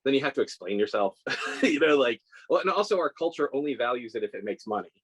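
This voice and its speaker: A man's voice: mid-range voice, expressive, fast talker, a bit bright, husky, rough recording. A man in his forties, a scale model maker, telling stories in a casual interview with lots of restarts and self-deprecating laughs. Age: 40s.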